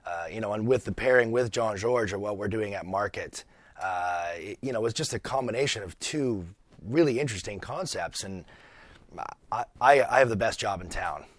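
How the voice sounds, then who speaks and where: A man from British Columbia, a chef, chatting as a guest in a radio studio, relaxed and friendly with lots of small hesitations. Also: fairly low pitch, normal speed, dry recording. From British Columbia, Canada. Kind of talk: casual radio interview.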